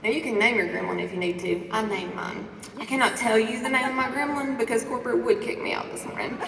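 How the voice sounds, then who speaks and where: A woman giving a lively motivational talk to a conference audience, asking the crowd questions and preaching about faith and confidence. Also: a little high, quick pace, vocal fry. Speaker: conference speaker. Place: large conference hall. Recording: echoey hall recording from a distance.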